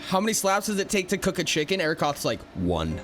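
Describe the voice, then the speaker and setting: A man's voice: high voice, very fast, a bit bright, faint music behind. A man playing a tabletop role-playing game, joking around and narrating his character's actions. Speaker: player. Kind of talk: casual tabletop role-play chat.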